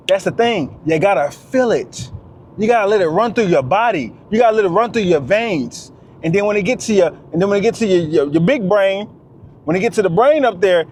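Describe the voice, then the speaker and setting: A man's voice: high voice, a little hiss or hum. A man giving a casual, preachy monologue, repeating his points with emphasis. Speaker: vlogger.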